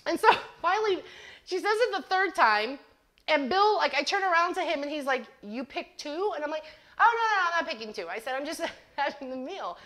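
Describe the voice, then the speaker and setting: A woman's voice: high-pitched, lively intonation, brisk, a bit bright. A middle-aged woman hosting a DIY craft livestream, chatting casually and laughing at herself while she demonstrates. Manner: giggly, self-deprecating storyteller. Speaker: craft channel host.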